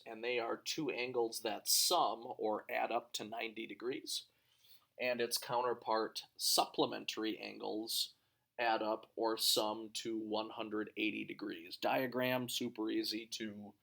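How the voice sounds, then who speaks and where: Gravelly-voiced man teaching a math lesson. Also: lowish voice, fairly bright tone. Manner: talks through steps aloud, thinking as he goes.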